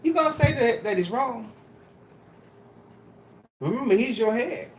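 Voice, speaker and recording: A man's voice: very high-pitched, animated, measured pace, a little hiss or hum. A man preaching a sermon to a congregation, emphatic and pleading, with casual street-style phrasing. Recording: roomy echo.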